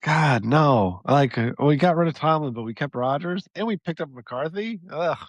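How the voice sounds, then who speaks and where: A man's voice: fairly high pitch, expressive, moderate pace, no echo. Self-mocking man in his forties. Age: 40s. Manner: self-deprecating, neurotic griping. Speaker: podcast co-host. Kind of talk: casual chat.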